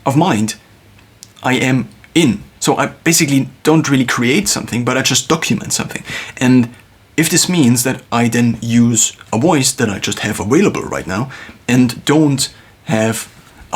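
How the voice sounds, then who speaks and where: A man thinking aloud in a reflective solo monologue, musing with pauses and restarts, recorded on a phone. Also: mid-range voice, breathy edge. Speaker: video creator.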